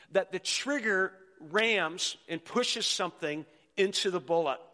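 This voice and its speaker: A middle-aged man preaching a sermon as pastor, energetic and leading the congregation in call-and-response. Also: sits high. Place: church sanctuary. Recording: long hall reverb in a church.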